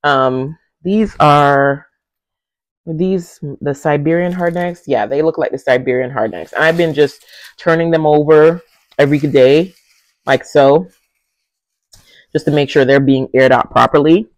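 A man chatting casually through a home garden vlog outdoors, excitable and talkative, often saying "y'all" while filming on a handheld phone. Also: fairly high pitch, measured pace, no room sound. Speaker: garden vlogger.

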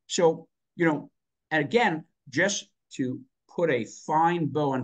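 A man's voice: on the high side, slow. A man on a panel, talking emphatically with rhetorical asides and growing enthusiasm. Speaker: panel guest, finance expert.

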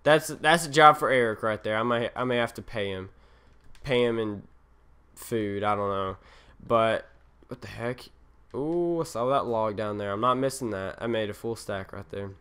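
A young man talks his way through a session of his game, rambling and poking fun at himself as he wanders between tasks. His voice is bright and forceful, with a smooth, crisp tone. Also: on the low side, normal speed. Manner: rambling, self-mocking, easily distracted. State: tired. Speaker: gaming channel host. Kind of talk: Let's Play commentary.

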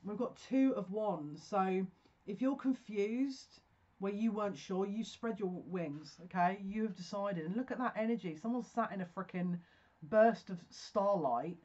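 A woman's voice: mid-range voice, normal speed, darkish tone, muffled recording. A woman giving a pick-a-card tarot reading, effusive and emotional, talking in bursts with restarts.

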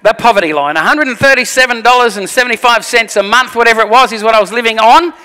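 Man, pastor, animated sermon, high voice, long hall reverb. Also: fast, clear, resonant tone. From Australia. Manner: animated storytelling, acts out voices.

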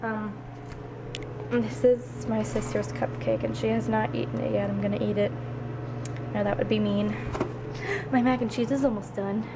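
A woman's voice: mid-range voice, steady tone, normal speed, noisy background. A teenage girl chatting casually as she films herself at home on a handheld camera, narrating what she does. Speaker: vlogger. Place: home kitchen, indoors.

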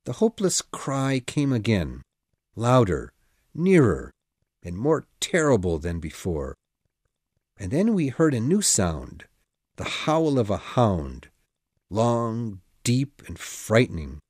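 A man's voice: on the low side, huge pitch swings, a little mellow, husky, no room sound, studio quality. Dramatic male audiobook narrator. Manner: dramatic, measured storytelling. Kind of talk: scripted narration.

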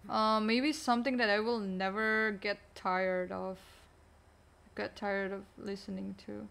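A woman's voice: mid-range voice, steady tone, measured pace, vocal fry, a bit bright. A woman streamer chatting casually while gaming, answering chat in a chatty, distracted way.

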